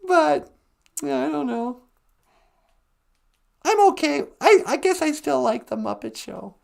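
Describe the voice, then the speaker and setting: High-voiced, slow-talking live stream host. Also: female voice, animated, vocal fry, a little mellow. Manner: rambling, joking, breaks into laughs and sung snippets. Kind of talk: casual comedic chat.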